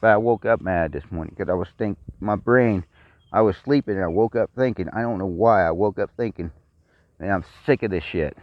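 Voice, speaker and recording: Alone before a camera, a middle-aged Texan vlogger airs his grievances in an angry personal rant, blunt, profane, and repetitive. His voice runs on the low side and fairly quick. The dry, somewhat dull recording sounds cheap.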